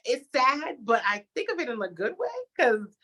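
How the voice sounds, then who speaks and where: A young adult woman, a TV host, chatting as an interview guest and telling a story with lively acted-out reactions. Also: on the high side, normal speed. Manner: animated storytelling, acts out her own reactions. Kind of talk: casual interview chat.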